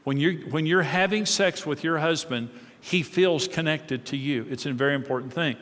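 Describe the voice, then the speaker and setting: A middle-aged man speaks to a live audience about marriage, in a relaxed, conversational teaching manner full of anecdotes and repeated words. His voice sits a bit high for a man. The sound carries a long reverb from a large hall. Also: moderate pace.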